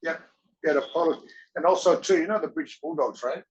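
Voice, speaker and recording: A man's voice: on the high side, a little fast, lo-fi sound. A man, a guest in a casual interview, rambling through stories and acting out the voices of the people he quotes. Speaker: interview guest, former wrestler and actor.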